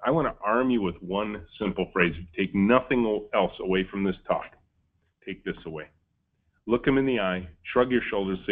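A man's voice: fairly low pitch, moderate pace. A man, a company founder, giving a storytelling webinar talk and acting out the dialogue in his stories. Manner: lively storyteller, acts out quoted dialogue. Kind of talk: storytelling keynote. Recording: tinny phone-like webinar audio.

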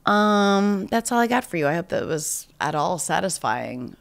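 A woman's voice: fairly low pitch, big pitch swings, moderate pace, gravelly, few pauses. A woman hosting a podcast in casual chat, slightly nasal as if she has a cold, rambling and self-deprecating. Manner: rambling and self-deprecating, with frequent restarts and laughs. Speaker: podcast host. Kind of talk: casual chat answering voicemails.

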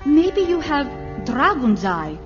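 A woman voicing a naive, pregnant female dragon who speaks in halting, broken English, in a radio drama. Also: high voice, sing-song, long reverb tail, muffled recording, soft background music, full character voice. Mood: earnest.

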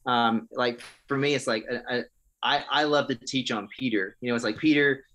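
A man's voice: mid-range voice, fairly even intonation, normal speed, fairly bright tone. A man in his thirties, a pastor, sharing his testimony in an interview, speaking earnestly and with passion, often restarting his sentences. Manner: earnest, impassioned, preacherly, with frequent restarts. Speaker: pastor and guest.

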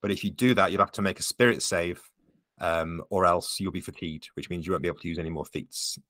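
A man's voice: deep voice, fast, fairly bright tone, no room sound. A man running a tabletop game as game master, explaining the rules patiently with frequent ums.

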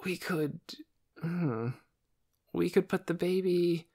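A man's voice: sits high, takes it slowly, a little mellow, voice pushed up, full character voice. A man voicing a flustered, absent-minded woman doctor in an audiobook, hesitant and trailing off. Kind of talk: audiobook character voice.

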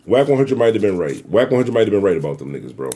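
A man hosting his own commentary show, talking bluntly and profanely in a rambling, animated way. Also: on the low side, very fast. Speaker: YouTube commentary host. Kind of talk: casual commentary rant.

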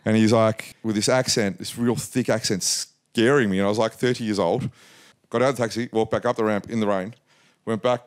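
A man around forty, a guest in an interview, telling a lively story and acting out what others said. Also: on the low side, a little fast. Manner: lively anecdotal storytelling, acts out quotes. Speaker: interview guest, mining investor.

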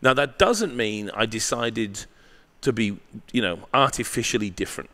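A man's voice: medium pitch, normal speed, bright, forceful tone. A man, a marketing professor guesting on an interview, telling a candid story with blunt swearing and frequent tag questions.

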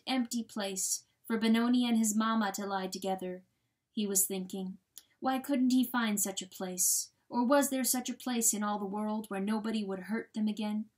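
A woman narrating a storybook aloud in a measured, solemn storytelling manner. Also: medium pitch. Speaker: audiobook narrator. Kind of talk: dramatic audiobook reading.

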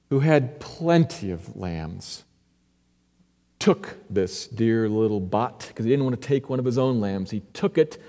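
Earnest male pastor in an echoey hall. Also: mid-range voice. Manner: earnest, swings from hushed to emphatic. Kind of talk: expository sermon. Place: church sanctuary.

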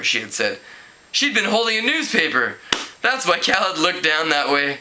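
Over background noise, a very animated man reads a teen novel aloud at a moderate pace. He keeps it casual, fumbling words, correcting himself, laughing at the story and raising his pitch to play the characters.

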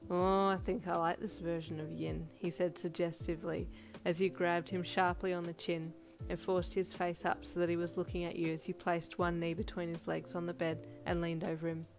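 A woman narrating a second-person fan fiction audiobook in a steady storytelling read. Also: lowish voice, moderate pace. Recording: loud music bed under voice.

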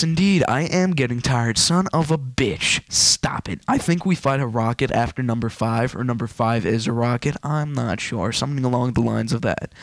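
A man rambling fast and wired with energy while commentating a video game. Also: mid-range voice, no room sound. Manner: rapid, hyper, rambling. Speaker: let's play gamer.

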